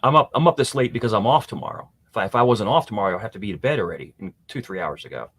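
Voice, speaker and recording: Animated man rambling on a livestream. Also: on the low side, racing, husky, no echo. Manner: rambling, laughing, lively mimicking. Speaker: streamer. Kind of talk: casual chat on a livestream.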